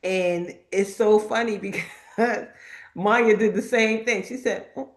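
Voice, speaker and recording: A woman's voice: mid-range voice, slow pace. A woman hosting a casual live chat, telling stories and acting out the people she quotes. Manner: lively storytelling that acts out quoted people. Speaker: host.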